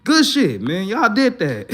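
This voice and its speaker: A man's voice: high-pitched, wildly swooping pitch, slow pace. A man talking in a casual, profane, repetitive rant, upset and fired up after his team lost. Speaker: Eagles fan. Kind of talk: casual venting monologue.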